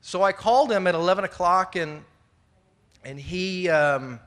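A middle-aged man shares his recovery story with a live audience in an indoor meeting room, speaking in a high-pitched, fairly bright voice without hurrying. He's earnest and rambling, with plenty of fillers and restarts. Now and then he laughs at himself.

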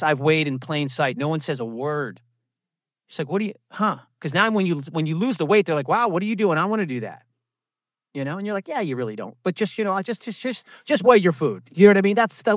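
A man sharing his recovery testimony at a meeting, telling it as an animated story with self-mocking asides and quick impressions of other people. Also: on the high side, dry recording, clean studio sound. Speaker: recovery program speaker. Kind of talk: personal testimony talk.

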